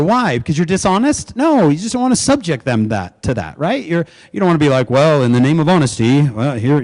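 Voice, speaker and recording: A man's voice: high voice, low-quality recording. Jokey man giving a keynote. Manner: jokey, quizzes the audience with quick questions. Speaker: keynote speaker. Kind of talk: humorous keynote speech to educators.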